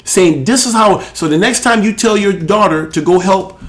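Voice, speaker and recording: A man hosting a live show, preaching with emphatic, animated delivery and laughing asides. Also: high voice, moderate pace. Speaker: host.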